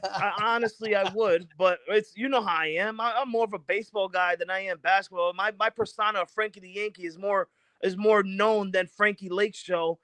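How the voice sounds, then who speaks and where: Animated man co-hosting sports banter. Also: sits high, a little fast, no echo, poor audio. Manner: emphatic, trash-talking, gets loud when excited. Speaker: sports show co-host.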